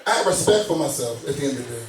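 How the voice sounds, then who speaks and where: A man in his thirties chatting casually as a co-host, relaxed and full of slang, often asking "you know what I'm saying?". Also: medium pitch, racing, a crowd in the background. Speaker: podcast co-host. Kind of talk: casual chat. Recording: roomy sound, mic some distance off.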